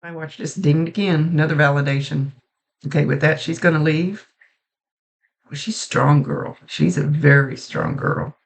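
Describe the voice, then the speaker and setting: A woman psychic medium talks through a reading in a casual, halting way, often breaking off and restarting her sentences. Her voice has a gravelly, creaky edge. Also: sits low, fairly even intonation. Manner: halting, restarts sentences, relays messages in a soft conversational way.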